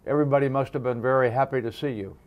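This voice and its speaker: A man conducts an oral history interview with an old veteran. His voice sits at an ordinary middle pitch, and he asks gentle, prompting questions, often restarting mid-sentence. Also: steady tone, racing.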